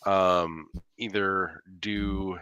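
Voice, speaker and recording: A man explaining tabletop game rules, pausing with fillers as he goes. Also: low-pitched, fairly even intonation, sharp tone, smooth, no room sound, muffled recording. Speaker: rules expert.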